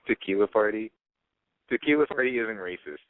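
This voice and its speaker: A man's voice: fairly low pitch, lively intonation, moderate pace, no room sound. A man calling in to a radio show, answering with dry, sarcastic comebacks. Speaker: caller. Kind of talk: call-in phone talk. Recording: dry tinny phone line.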